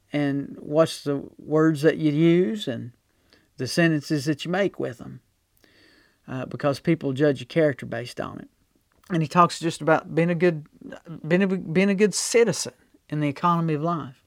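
High-voiced folksy pastor. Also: male voice, no room sound, clean studio sound. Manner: folksy storytelling with big swings in loudness. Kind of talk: sermon.

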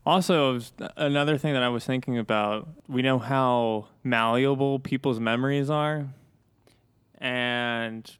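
A man's voice: mid-range voice, a little slow, a bit bright, clean tone, dry recording. A man co-hosting a podcast in casual chat, joking and swearing freely. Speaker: podcast co-host and editor.

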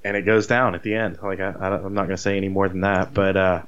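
A man casually retelling a movie plot, rambling and animated, with swearing. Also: sits low, fast talker, highs cut off. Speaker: podcast co-host.

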